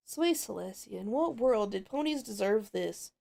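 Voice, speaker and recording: A woman's voice: mid-range voice, animated, normal speed, vocal fry, dark tone. A woman voicing Applejack, a stubborn, kind-hearted female farm pony, in a put-on Southern drawl while role-playing a game. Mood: earnest. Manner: folksy, earnest drawl.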